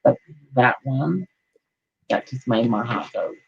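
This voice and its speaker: Woman doing psychic readings, gravelly. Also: rumbling low, animated, takes it slowly, muffled recording. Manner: warm, chatty, calls listeners honey and darling. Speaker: psychic medium. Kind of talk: live online reading, casual chat.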